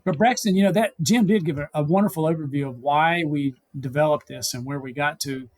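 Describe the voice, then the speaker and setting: A man's voice: a little high, brisk, darkish tone, no room sound. A man with a Southern American accent asking panelists questions on an industry panel. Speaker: panel participant.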